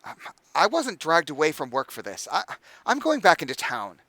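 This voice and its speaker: A man's voice: fairly high pitch, wildly swooping pitch, normal speed, pushed and bright, dry recording, full character voice. A man voicing a touchy young male scribe who stammers and gets defensive in a tabletop game. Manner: stammering, defensive, restarts often.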